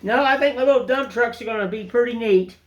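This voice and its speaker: A man's voice: extremely high pitch, fast. A man who chats in a folksy, rambling way while he carves wood in his workshop. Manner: folksy, rambling, down-home sayings. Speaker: woodcarver. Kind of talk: casual chat while carving. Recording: loud workshop tool noise. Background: loud chisel and mallet knocks.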